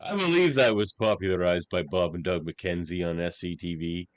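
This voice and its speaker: A man's voice: low-pitched, normal speed. A man from Nova Scotia co-hosting a podcast in casual, dry-humored chat. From Nova Scotia, Canada. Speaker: podcast co-host.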